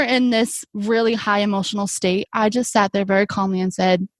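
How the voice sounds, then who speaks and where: A woman's voice: medium pitch, a little fast, hardly any pauses, no echo. A young adult woman, an occupational therapist, telling stories in an earnest, reflective way with many fillers. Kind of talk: conversational podcast interview.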